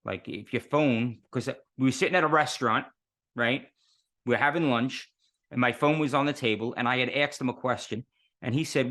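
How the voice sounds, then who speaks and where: A man talks as an interview guest, his pitch in the middle of the range. He tells his stories in earnest and works through them with rhetorical questions. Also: a little slow, fairly bright tone. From New York City. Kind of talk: casual interview talk.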